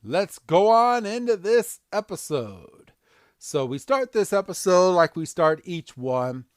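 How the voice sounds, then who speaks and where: A man's voice: sits high, slow, dry recording, clean studio sound. A man hosting a podcast, recapping a cartoon episode casually and acting out scenes. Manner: animated, acts out scenes. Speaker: podcast host.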